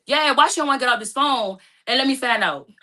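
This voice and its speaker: A woman's voice: sits high, quick pace, bright, forceful tone. A young woman in an emotional personal storytelling talk, acting out both sides of her phone calls. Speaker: guest telling her story.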